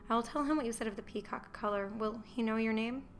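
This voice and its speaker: A woman reading the lines of a meek young Roman wife who is anxious to please her husband, in a mild, soft-spoken manner, as an audiobook character voice. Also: a little high, fast, slight background noise, close to an everyday voice.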